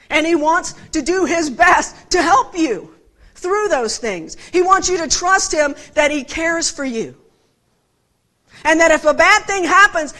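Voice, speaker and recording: A woman preaching a conversational sermon, animated and often putting direct questions to her listeners. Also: high-pitched.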